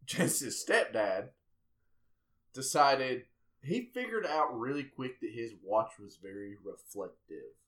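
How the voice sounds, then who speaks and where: Lively, profane young man telling stories. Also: mid-range voice, takes it slowly. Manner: profane, animated, quotes others in voices. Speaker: podcast guest, engaged groom. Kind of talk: casual storytelling chat.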